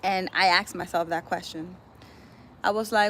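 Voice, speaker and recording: A woman's voice: medium pitch, normal speed, vocal fry, fairly bright tone, a little hiss or hum. A woman chatting casually on a livestream as a spiritual healer, laughing often and slipping in Spanish exclamations.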